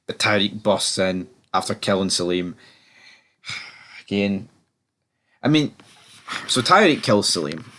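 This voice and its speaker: A man's voice: on the low side, expressive, takes it slowly, pauses often, sharp tone. A man giving a casual, rambling review of a TV episode, often stammering and repeating words. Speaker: TV show reviewer.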